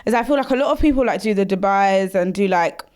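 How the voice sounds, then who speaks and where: A woman's voice: medium pitch, quick pace, darkish tone, clean tone. A woman talks things over in a casual podcast chat. She rambles a little, thinks aloud and laughs easily. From London. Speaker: podcast co-host.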